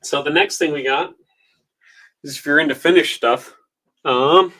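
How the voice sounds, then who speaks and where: Bright-voiced man running a casual auction. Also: on the high side, measured pace, low-quality recording. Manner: easygoing, chatty, with filler ums. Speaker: online auctioneer. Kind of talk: casual live auction stream.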